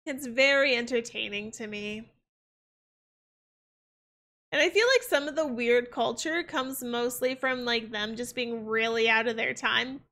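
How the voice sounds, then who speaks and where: A woman's voice: fairly high pitch, unhurried, sharp tone. A young woman streaming a game, chatting casually in a rambling way. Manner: rambling, full of fillers and restarts. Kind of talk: casual chat while gaming.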